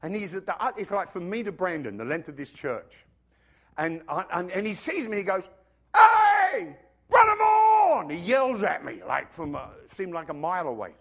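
A male pastor preaching a sermon in church, animated, asking the congregation questions and acting out the voices he quotes. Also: on the high side, fairly quick, creaky.

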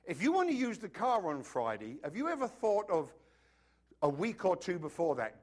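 A man's voice: sits high, wildly swooping pitch, moderate pace. A man preaching a sermon in a conversational way, acting out little scenes and dropping joking asides to the congregation.

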